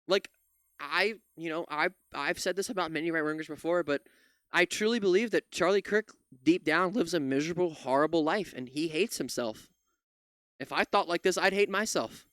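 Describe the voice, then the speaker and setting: A man's voice: a little high, normal speed, a bit bright, smooth, no room sound, clean studio sound. A man commentating on video clips, ranting angrily with lots of swearing and stumbling restarts. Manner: heated, profane, ranting with many restarts. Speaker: political commentator reacting to clips. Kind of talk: angry reaction commentary.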